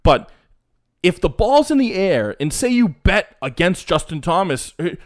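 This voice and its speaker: A man co-hosting a casual sports podcast, rambling and animated, with restarts and mocking asides. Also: high-pitched, measured pace. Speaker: podcast co-host.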